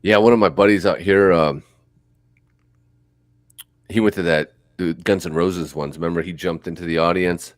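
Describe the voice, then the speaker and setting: Middle-aged dude rambling and swearing on a podcast, lowish voice, dry close sound. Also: male voice, fairly even intonation, normal speed, long pauses, dry recording. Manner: loose, profane, rambling storytelling. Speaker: podcast co-host. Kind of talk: casual chat.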